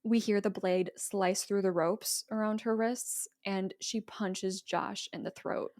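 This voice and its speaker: A woman co-hosting a casual podcast, retelling a film's plot with lively quoted lines and frequent laughter. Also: mid-range voice, slow pace, no echo, studio quality. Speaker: podcast co-host. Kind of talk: casual movie recap.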